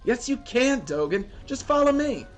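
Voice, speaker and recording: A man voicing a gruff male military drill coach who barks orders at recruits. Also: very high-pitched, very animated, moderate pace, faint music behind, voice pushed up. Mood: encouraging.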